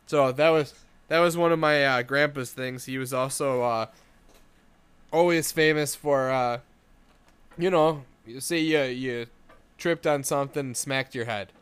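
A man's voice: medium pitch, a little slow, fairly bright tone, smooth. A man in casual podcast chat, telling rambling family stories and acting out the quoted voices.

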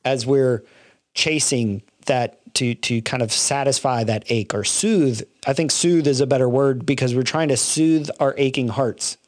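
A man's voice: medium pitch, unhurried, no room sound. Male co-host, mid-range voice, earnest and reflective, dry close-miked sound, casual podcast talk. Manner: earnest, reflective, many restarts. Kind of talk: casual faith-based film discussion.

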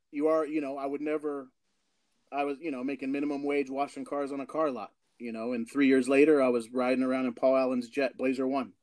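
A man from Portland hosting a casual interview, telling animated stories and laughing often. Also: medium pitch, no echo. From Portland, Oregon. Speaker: host.

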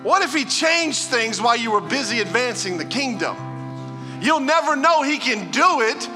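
A man preaching a sermon as pastor, piling up rhetorical questions and moving between loud exhortation and hushed talk. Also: very high voice, sing-song, moderate pace, over music. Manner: rhetorical, building "what if" questions.

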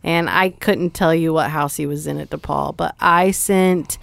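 A woman's voice: low voice, steady tone, unhurried, vocal fry, no echo. A young woman co-hosting a podcast, chatty and playful in casual talk. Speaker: podcast co-host.

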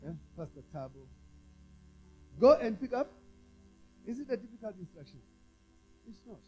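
A South African apostle preaches a sermon in a high, lively, mellow voice that rises and falls widely, at normal speed over faint music. He has the congregation repeat lines, swinging from quiet, low asides to loud, raised exhortation, on a rough recording.

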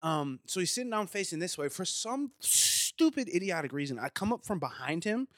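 Animated young man telling a story. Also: high voice, normal speed, no room sound, studio quality. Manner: animated storyteller, swears freely, acts out voices. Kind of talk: casual chat.

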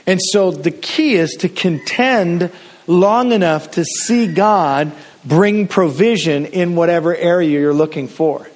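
A middle-aged man from Canada preaching a sermon as a pastor, telling stories casually with frequent restarts and fillers. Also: a little high.

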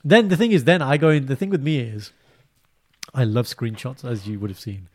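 A man co-hosting a casual podcast chat, animated and laughing, often mimicking others in high voices. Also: a little fast. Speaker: podcast co-host.

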